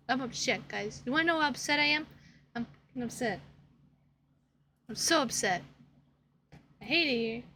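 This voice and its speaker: A woman's voice: fairly high pitch, sharp tone, a little hiss or hum. A woman gaming streamer reacting live to a game, dramatic, whiny and exasperated, swearing a lot.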